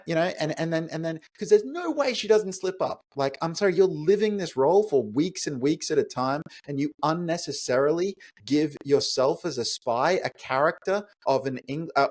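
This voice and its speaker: A man co-hosting a podcast, chatting casually about a film, animated and rhetorical, with frequent fillers as he thinks aloud. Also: fairly high pitch, normal speed, hardly any pauses. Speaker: podcast co-host. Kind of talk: casual movie review chat.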